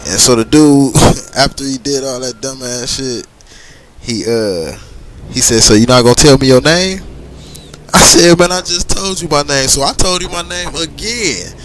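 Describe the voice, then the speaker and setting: A middle-aged man telling a long personal story casually while gaming, rambling and animated. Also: medium pitch, normal speed, a little hiss or hum. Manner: animated, rambling, frequent "you know what I'm saying". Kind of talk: casual storytelling over gameplay.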